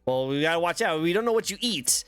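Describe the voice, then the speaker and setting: A man's voice: on the high side, lively intonation, quick pace, a bit bright, soft background music. An American man hosting an interview, goofy and hesitant, full of uhs as he jokes around. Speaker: interview host. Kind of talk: casual interview banter.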